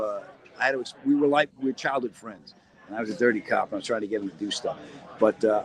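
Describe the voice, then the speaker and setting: Joking and rambling through a casual live chat, a middle-aged comedian-actor answers viewer questions from a cold cellar corner indoors. His voice is lowish and a bit bright, and the recording is rough.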